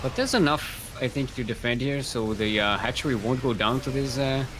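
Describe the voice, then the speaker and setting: A man's voice: mid-range voice, lively intonation, moderate pace, noisy background. A man with an Australian accent giving live, joking commentary on a strategy game as a caster. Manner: joking, rambling, laughs often. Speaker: esports caster.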